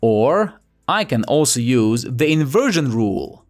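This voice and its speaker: A man's voice: medium pitch, big pitch swings, a little slow, faint music behind. A young man teaching a language lesson in a playful, chatty way, asking rhetorical questions. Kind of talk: scripted lesson narration.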